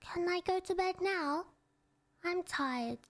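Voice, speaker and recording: A woman voicing a cute, sleepy little boy with a high, drawn-out child voice and a British accent. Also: fairly bright tone, full character voice. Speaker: voice actor.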